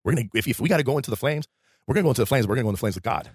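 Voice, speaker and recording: A man co-hosting a faith podcast, animated and laughing as he retells a Bible story like a preacher. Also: mid-range voice, racing, breathy edge, dry recording, clean studio sound. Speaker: podcast co-host.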